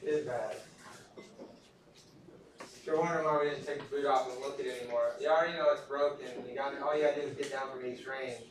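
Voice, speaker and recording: Crowd noise surrounds a Texas-born instructor lecturing in a large echoey classroom, captured from far away. He talks fast in a mid-range, steady voice, pausing often, and tells stories in a casual, self-deprecating manner.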